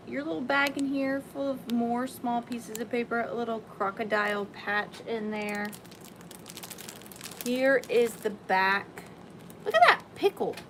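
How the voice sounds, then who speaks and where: A woman hosting a live-stream sale, chatting excitedly and greeting viewers by name. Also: fairly high pitch, measured pace, background noise. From Southern US.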